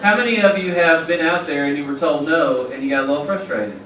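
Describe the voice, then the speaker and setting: A man's voice: on the high side, fast, noisy background. A man giving an enthusiastic motivational talk at a conference, preaching and telling stories. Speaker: keynote speaker. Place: large conference hall. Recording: echoey hall from far off.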